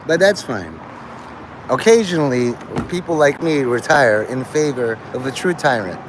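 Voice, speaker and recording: A man's voice: mid-range voice, animated, normal speed, background noise. A man hosting a livestream, talking to his chat in a crude, rambling way and laughing at his own jokes. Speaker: livestream host.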